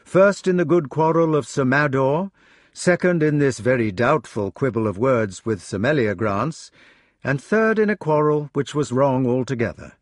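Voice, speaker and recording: Male narrator for an audiobook, lively and expressive, dry booth sound. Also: medium pitch, moderate pace, no room sound. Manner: expressive storytelling. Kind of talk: scripted narration.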